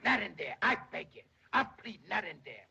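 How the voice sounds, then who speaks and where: A shrunken boastful little man, gravelly and bright, dull old 1930s movie sound. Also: high voice, very animated, moderate pace, heavily acted. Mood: pleading. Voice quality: gravelly, raspy. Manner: theatrical, full of grand words and wordplay. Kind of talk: 1930s film comedy acting.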